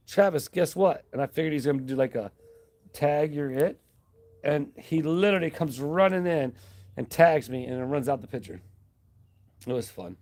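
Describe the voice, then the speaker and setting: In a mid-range voice, a man chats his way through a casual live stream, easygoing and warm, reading viewer comments out loud and offering thanks.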